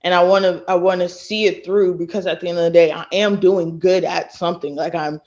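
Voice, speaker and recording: A woman in her late twenties from Texas, a podcast guest who tells stories in a lively way and acts out what others said. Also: on the low side, a little fast. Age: late 20s. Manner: animated storyteller who acts out quoted people. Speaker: guest, former college thrower. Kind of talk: casual podcast interview. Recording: dull lo-fi sound.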